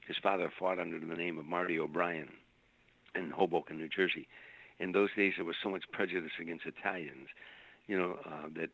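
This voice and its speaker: A man's voice: deep voice, creaky, pushed and bright, breathy edge, low-quality recording. An older man, a stand-up comedian, telling long anecdotes in an interview, repeating words as he searches for them. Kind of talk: storytelling interview.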